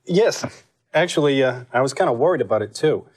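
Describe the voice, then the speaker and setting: A middle-aged man, a political impressionist, being interviewed on a talk show, full of jokes and quick asides. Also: medium pitch, lively intonation. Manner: joking, quick asides, chuckling.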